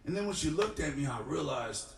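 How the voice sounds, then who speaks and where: A man's voice: fairly high pitch, expressive, brisk, creaky. A young man, a singer-songwriter, tells a rambling, self-deprecating story between songs at a live-streamed studio show. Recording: roomy studio, mic at a distance.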